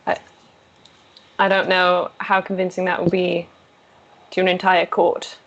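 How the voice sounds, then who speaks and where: A woman's voice: fairly low pitch, completely flat delivery, a little slow, vocal fry, dull audio. A woman playing a tabletop role-playing game, speaking in a hesitant, thoughtful way with frequent restarts. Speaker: player. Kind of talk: in-character tabletop play.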